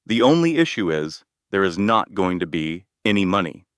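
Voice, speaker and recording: A man voicing a composed, confident young woman who speaks in a cool, steady way. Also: low-pitched, moderate pace, clean tone, no room sound, studio quality.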